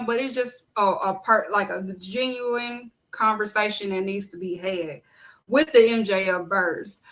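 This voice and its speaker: A woman's voice: mid-range voice, pushed and bright, poor audio. A woman hosting her own podcast, giving casual, emphatic solo commentary on wrestling and repeating her key points. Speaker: podcast host.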